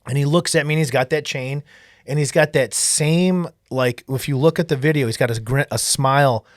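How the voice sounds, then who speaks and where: A man who makes documentaries, telling a story in an earnest, animated way in casual conversation. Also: medium pitch, moderate pace, no room sound, clean studio sound. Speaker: documentary filmmaker.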